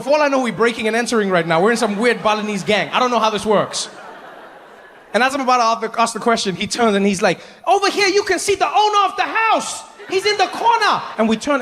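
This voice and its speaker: Man from africa, stand-up storyteller, high voice, long stage reverb. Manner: animated storytelling with many acted voices. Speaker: stand-up comedian. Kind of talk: stand-up comedy.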